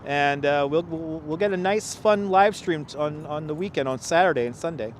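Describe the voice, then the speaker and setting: A man's voice: fairly high pitch, moderate pace, slight background noise. Chatty man livestreaming outdoors in the cold. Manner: chatty, laughing often, reading viewer comments aloud. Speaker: livestream host and tour guide. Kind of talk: casual walking livestream chat. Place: outdoors in a city park at sunset, cold. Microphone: wireless clip-on mic.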